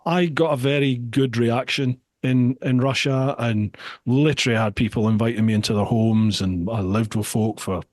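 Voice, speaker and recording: A man's voice: medium pitch, normal speed, dry recording, clean studio sound. Scottish man hosting a casual podcast chat. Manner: lively storyteller who often repeats his words. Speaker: podcast host.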